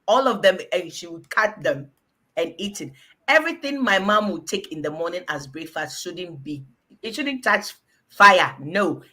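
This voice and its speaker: A woman in her forties giving casual health advice, animated and scolding, repeating words for emphasis. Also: medium pitch.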